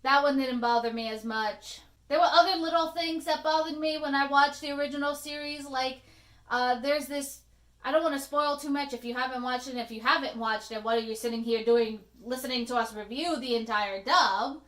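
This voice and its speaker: A bilingual woman co-hosting a podcast, chatting casually in an animated, opinionated way, laughing now and then. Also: high-pitched, a little fast, roomy sound. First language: Spanish. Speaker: podcast co-host. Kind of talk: casual chat.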